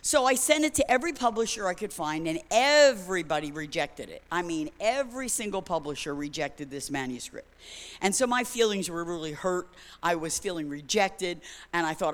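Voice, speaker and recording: A woman's voice: on the low side, lively intonation, normal speed. An older woman preaching a sermon in a conversational, emphatic way, telling personal stories. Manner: conversational, emphatic, self-correcting. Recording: long hall reverb.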